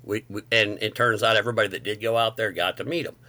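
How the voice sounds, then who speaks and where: A middle-aged man telling a story with excitement, acting out quotes as he goes. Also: fairly low pitch, fast. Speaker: guest. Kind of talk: casual storytelling.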